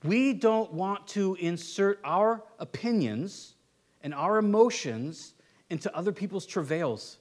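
A middle-aged man with a notably high voice preaches a sermon. He talks conversationally, doubling words as he restarts and tossing in "right?" to keep the congregation with him. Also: animated, unhurried. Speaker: pastor.

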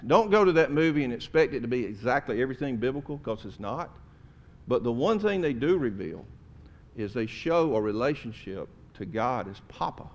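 Folksy pastor preaching softly. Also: male voice, mid-range voice. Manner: conversational preaching, folksy, drops to soft tender tones. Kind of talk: sermon. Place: church sanctuary.

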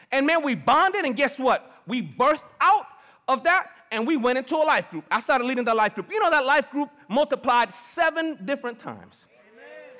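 Middle-aged pastor preaching, high bright voice, big echoey hall. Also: male voice. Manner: lively, preachy and personal, calls on the congregation. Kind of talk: sermon. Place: large church hall. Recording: long reverb of a big hall.

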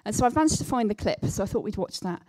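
A woman's voice: mid-range voice, expressive, rapid-fire, darkish tone, no room sound, poor audio. A woman, a church group leader, casually introducing a video clip with some fillers.

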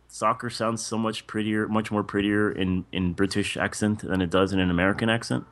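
Man, low voice, casual chat, swears a lot, animated rants. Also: a little fast, few pauses. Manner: animated, profane, emphatic. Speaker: podcast co-host.

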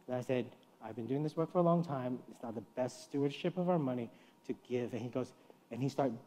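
A middle-aged man preaching a guest sermon in a church, telling stories and acting out the voices he quotes, swinging from soft to loud. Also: mid-range voice, fairly quick. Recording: long reverb of a church hall.

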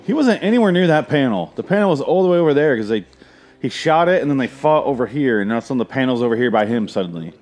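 A man's voice: medium pitch, expressive, fast, darkish tone. A man giving casual, profane and sarcastic commentary on a movie while watching it.

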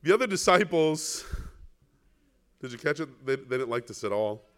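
With a clear, resonant voice of medium pitch at normal speed, a male pastor preaches animatedly. He asks his congregation rhetorical questions and acts out the people in the biblical story.

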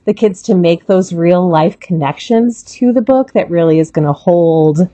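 Dry, low-voiced woman telling stories. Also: normal speed, no room sound. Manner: expressive, animated storytelling. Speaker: guest educator. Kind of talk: casual podcast chat.

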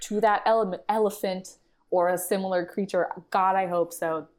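A woman's voice: mid-range voice, fairly even intonation, normal speed, a loud crowd. A woman co-hosts a laid-back movie podcast. She talks in a loose, chatty way, laughs often, and acts out her own reactions as she goes. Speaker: podcast co-host. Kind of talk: casual movie chat.

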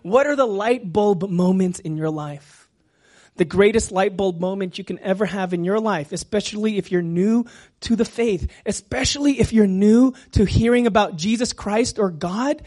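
A man preaching a sermon as pastor, talking gently and sometimes dropping to a whisper. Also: high-pitched. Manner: slow, gentle, drops to a whisper at times.

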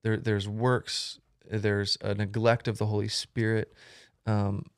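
Young man, low voice, casual podcast guest, rambling, dry recording. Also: flat delivery, slow pace, no room sound. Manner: rambling, many ums and restarts. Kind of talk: casual conversation.

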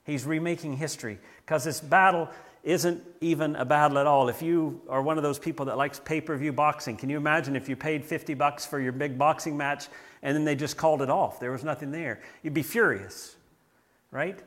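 Southern-raised guy preaching a sermon, bit of a higher voice, earnest, keeps restarting words. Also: fairly quick, a bit bright. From southern United States. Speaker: pastor.

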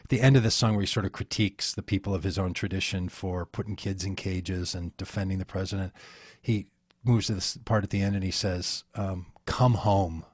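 A man with a lowish voice talks as an interview guest. He rambles, circles back and restarts his sentences in a folksy pastor's way. The sound is close and dry. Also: fairly even intonation, a little fast, husky, no room sound. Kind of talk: casual conversation.

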